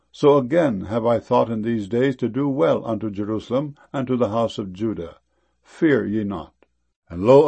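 A man giving a solemn, measured scripture reading with a gravelly, husky voice. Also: mid-range voice, a little mellow. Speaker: scripture reader.

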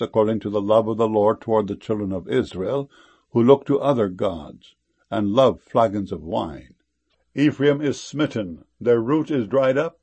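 Low gravelly guy reading the king james bible, dark mellow tone, slow and reverent. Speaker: scripture reader.

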